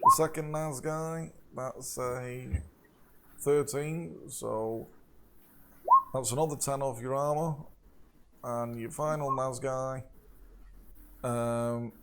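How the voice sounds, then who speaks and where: An unhurried man narrates a tabletop game as its game master. He keeps the tone loose and jokey, laughing often between rolls and damage counts. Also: medium pitch, fairly even intonation, sharp tone, a little hiss or hum.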